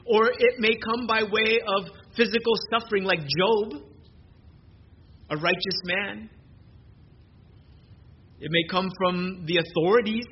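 High-voiced man preaching a sermon. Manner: earnest, with frequent repeated words and restarts. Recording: muffled lo-fi sermon recording with background noise.

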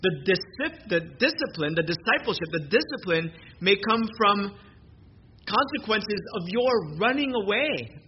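In a muffled, lo-fi recording with noise behind him, a man preaches earnestly in a high-pitched, sing-song voice at a measured pace. He tends to repeat words as he starts his sentences over.

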